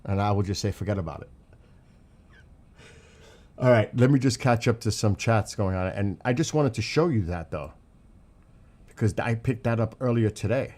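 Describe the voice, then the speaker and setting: Speaking at a moderate pace in a lowish voice, a livestream host from New York City reads chat and remarks on flight tracks in his New York accent. He's excitable and rambling, throwing out questions along the way.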